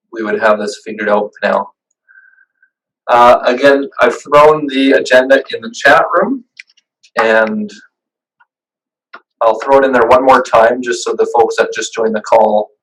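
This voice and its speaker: A man's voice: on the low side, fairly bright tone, recorded from a distance, poor audio. Casual man presenting over a video call. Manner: casual, chatty, with fillers and restarts. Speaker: business owner giving a webinar.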